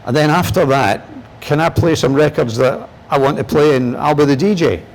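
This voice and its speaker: A man's voice: fairly high pitch, moderate pace, pitched above the performer's own voice, natural voice, rough recording. A man quoting a polite, easygoing male rock star during a story, in a near-natural voice.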